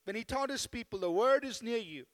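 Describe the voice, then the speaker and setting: Male pastor preaching, really high voice, calls out amen? to the crowd, big echoey church hall. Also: expressive, fairly quick. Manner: preaching, asking the congregation for amens. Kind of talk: sermon. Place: church sanctuary. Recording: long hall reverb.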